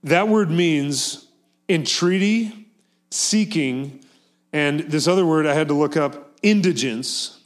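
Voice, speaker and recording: A pastor delivering a sermon with earnest, emphatic force. His voice sits a bit higher than most men's. He often repeats key words and phrases to press a point home. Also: slow pace.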